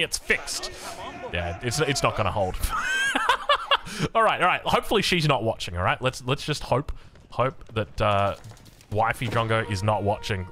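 A young Australian man casts a strategy game, his fairly high voice bright and forceful. He keeps breaking into jokey, rambling asides, so the commentary feels chatty.

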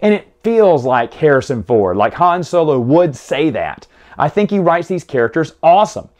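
A man's voice: fairly high pitch, sing-song, moderate pace, darkish tone. A man hosting a casual book recap, talking with enthusiasm and rambling through restarts. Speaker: book review host.

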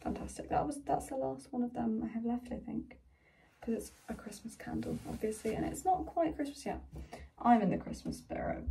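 A teenage girl chatting excitedly in a casual vlog from her bedroom. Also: on the high side, gravelly, a little hiss or hum. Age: teens. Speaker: vlogger. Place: bedroom at home.

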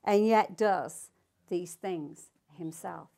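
A woman's voice: fairly low pitch, drawn-out words, vocal fry, dark tone. An older woman teaching the Bible to a small group, reading scripture aloud and asking her listeners emphatic questions.

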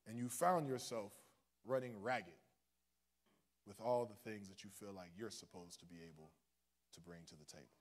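A young man from Ohio preaching a sermon in a conversational way, with self-deprecating asides. His voice sits in a middle pitch and swings from near-hushed lines to loud, forceful ones. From Ohio, United States. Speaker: minister.

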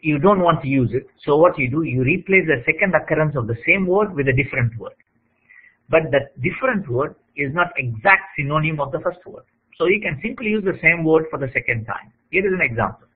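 A man's voice: on the high side, expressive, a little fast, husky. A man explaining lecture slides, checking in often with "okay?" and "right?" as he teaches. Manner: plain teaching tone with frequent "okay?" check-ins. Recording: tinny phone-like audio.

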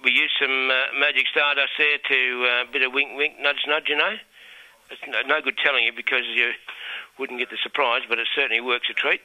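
A man's voice: mid-range voice, steady tone, sharp tone, no echo, rough recording. A man who works as a party clown, explaining his act patiently. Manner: chatty, explains patiently, with filler pauses.

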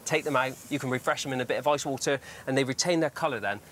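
A man's voice: mid-range voice, fast talker, a bit bright, slight background noise. A man demonstrating a recipe on a TV show, chatty and full of tips. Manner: chatty, upbeat, giving tips. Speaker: TV chef. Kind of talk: cooking demonstration. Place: TV studio kitchen.

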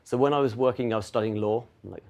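A middle-aged Englishman with an English accent, a wine auction executive appearing as a guest, answers interview questions in a friendly, self-deprecating way. He speaks quickly with small restarts, and his mid-range voice is gravelly, a little mellow, and fairly even in intonation.

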